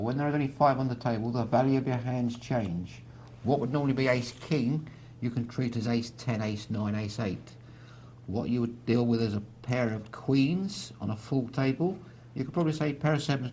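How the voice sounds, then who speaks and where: A man commentates a live poker broadcast at a middle pitch, chatty and easy with dry asides. A faint ambient hiss runs under his voice. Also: fairly quick, darkish tone.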